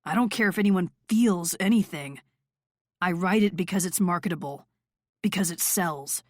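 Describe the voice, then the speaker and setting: Woman voicing a gruff, scoffing male rock star. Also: fairly low pitch, normal speed, no echo, clean studio sound, lightly acted. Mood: cold. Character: brooding, sarcastic male rock star, young adult. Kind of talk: audiobook character voice.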